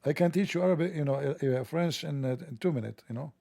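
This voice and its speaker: A man with a gravelly, dark voice delivers a sarcastic monologue, heavy on mockery and rambling asides. The sound is dry and close. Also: a little high, fast talker, no echo. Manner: mocking, joking, rambling asides. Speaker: religion commentator.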